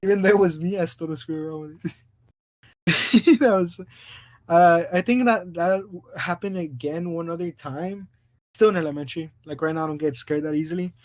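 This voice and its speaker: A man's voice: a little high, moderate pace, a little mellow. A man co-hosting a podcast in casual chat, telling a story in a rambling way, stumbling over restarts and laughing often. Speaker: podcast co-host.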